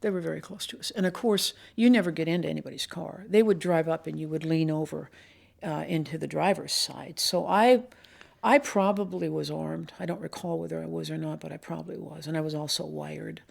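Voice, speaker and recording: An older woman, a retired police commander, recounting her years on the force in a measured, reflective interview. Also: low-pitched, steady tone, vocal fry. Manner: measured, reflective storytelling with pauses. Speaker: retired police assistant chief.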